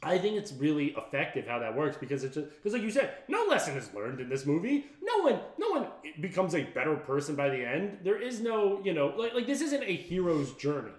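A man hosting a podcast, talking casually about films with many quick interjections. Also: on the high side. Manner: animated, quick agreeing interjections. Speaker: podcast host. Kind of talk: casual film discussion. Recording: roomy echo.

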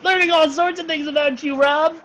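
A man's voice: very high voice, fairly even intonation, fairly quick, bright, forceful tone. A man co-hosting a podcast in casual chat, teasing and playful, often laughing. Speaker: podcast co-host.

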